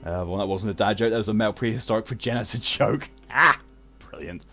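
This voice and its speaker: A man's voice: on the low side, quick pace, sharp tone, faint music behind. A man streaming a video game, chatting casually with his viewers, joking, swearing freely and laughing often. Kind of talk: casual gaming stream chat.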